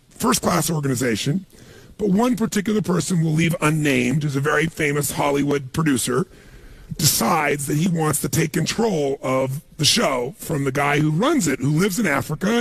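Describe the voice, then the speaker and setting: A man giving a motivational seminar talk, telling stories in an animated way and acting out other people's lines. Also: a little high, moderate pace, husky, dry recording. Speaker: motivational speaker.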